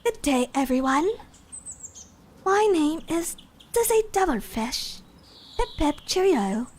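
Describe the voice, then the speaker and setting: Lady doing a posh brit girl voice, all stiff and proper, high pitched, put-on british accent. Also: sing-song, slow, full character voice. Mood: prim. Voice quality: prim, overly formal. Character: prim posh young British woman introducing herself.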